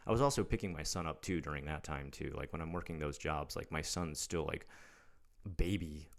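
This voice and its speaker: A man's voice: extremely low pitch, brisk, vocal fry. A man in his thirties telling a story in a blunt, exasperated and mocking way, with casual swearing. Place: living in Japan.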